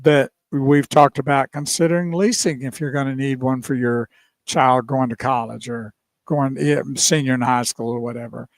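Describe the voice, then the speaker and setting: A man's voice: mid-range voice, steady tone, moderate pace, no room sound, studio quality. A man co-hosting a car radio show, chiming in casually and laughing along with the host's stories. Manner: chatty, chimes in and laughs along.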